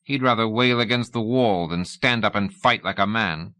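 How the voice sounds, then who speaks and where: A man reading an audiobook, voicing a tough, arrogant male navy commander with a crisp Oxford accent and curt manner. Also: on the low side, moderate pace, sharp tone, dry recording. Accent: Oxford English.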